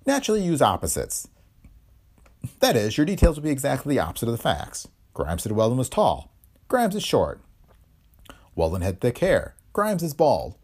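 A man voicing a calm, smug male private detective who explains blandly. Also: medium pitch, moderate pace, pauses often, breathy edge, voice pushed up, exaggerated voice.

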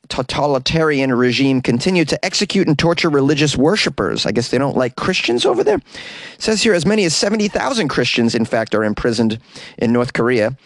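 Recorded in a tiny closet, this comedy news podcast host reads out stories and cuts in with sarcastic asides. He has a mid-range voice, captured in a dry recording.

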